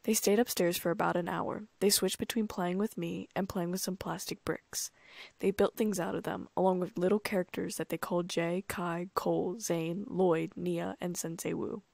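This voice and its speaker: A woman narrating a first-person audiobook in a calm, even storytelling manner. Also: on the low side, moderate pace, creaky, dry recording.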